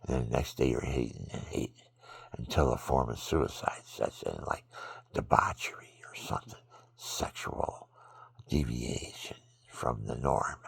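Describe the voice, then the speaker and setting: A sleepy, exhausted man rambling through a religious monologue into his phone at home, swinging from loud bursts to murmurs. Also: very deep voice, steady tone, unhurried, gravelly, slightly rough, no room sound, whispered. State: sleepy, extremely tired. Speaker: vlogger.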